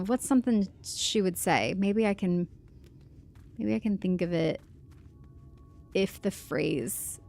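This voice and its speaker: A woman's voice: medium pitch, gravelly, a little mellow. A woman livestreaming a game, chatting in a rambling, chatty way with lots of fillers. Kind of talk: casual livestream chat while gaming.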